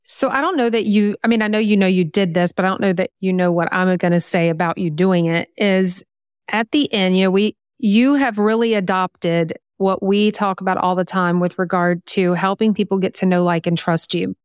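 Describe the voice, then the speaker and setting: A woman hosting an interview podcast, talking thoughtfully and slowing down to stress her key points. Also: medium pitch, steady tone, clean tone, no echo, clean studio sound. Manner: warm praise, thoughtful, slows down to stress points. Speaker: podcast host. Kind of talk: casual interview conversation.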